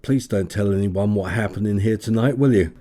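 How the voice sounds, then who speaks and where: A man reading the part of a lonely, nervous migrant worker, speaking in a hurried, anxious way. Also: fairly low pitch, dark tone, lightly acted.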